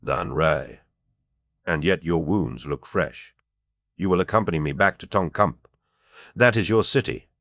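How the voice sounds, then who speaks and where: A man's voice: sits low, measured pace, pauses often, dry recording, studio quality, heavily acted. A man putting on an airy stranger with a peculiar accent. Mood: airy, assured. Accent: peculiar foreign accent. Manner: airy, calm. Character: soft-spoken stranger, man of a strange land.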